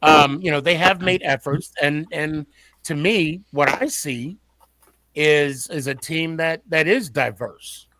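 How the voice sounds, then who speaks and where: Bright-voiced man, halting podcast host. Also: a little high, slight background noise. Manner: halting, repeats words while building a point. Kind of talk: casual sports podcast chat.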